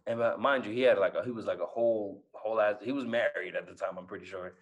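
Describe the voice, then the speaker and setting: A man's voice: lowish voice, fast, creaky. A man in his twenties, a guest speaker telling motivational stories with lots of energy. He repeats his phrases and keeps asking the audience "right?". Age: 20s. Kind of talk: motivational storytelling.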